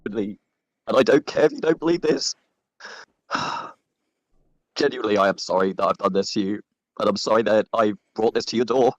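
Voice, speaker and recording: A man's voice: fairly low pitch, normal speed, long pauses, dry recording, highs cut off. A man on a voice call apologizing, hesitant and sighing, swearing now and then. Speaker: voice call participant.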